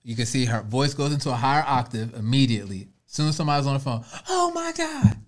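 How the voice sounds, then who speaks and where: A man's voice: medium pitch, rapid-fire. A man talking casually on a podcast, loose and conversational, stretching words for emphasis. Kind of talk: casual chat.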